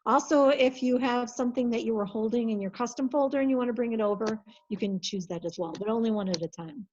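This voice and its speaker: Practical woman giving software training. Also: on the high side, fast, dull audio. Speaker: compliance coordinator. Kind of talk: software training over video call.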